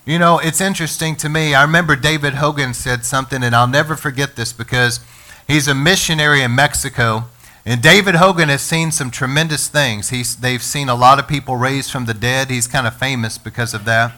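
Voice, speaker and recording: Bright-voiced male preacher. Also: medium pitch, brisk. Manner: energetic preaching, calls for congregation responses. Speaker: pastor. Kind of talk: sermon.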